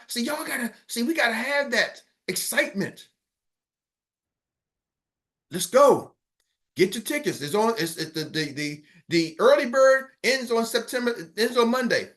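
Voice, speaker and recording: Middle-aged male business coach, high bright voice, hyped and repetitive, online motivational call. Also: unhurried. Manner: energetic, repetitive, keeps asking the audience if they follow.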